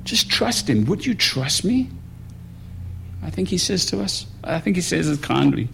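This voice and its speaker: A man preaching a sermon in a conversational way, moving between quiet musing and raised emphasis. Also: fairly high pitch, sing-song, measured pace, vocal fry, a little hiss or hum. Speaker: pastor.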